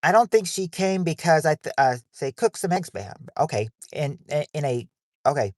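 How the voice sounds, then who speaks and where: A man's voice: a little high, animated, moderate pace, no room sound, clean studio sound. A man hosting a livestream game night on his phone in a casual, rambling way, reading out viewers' names and answers.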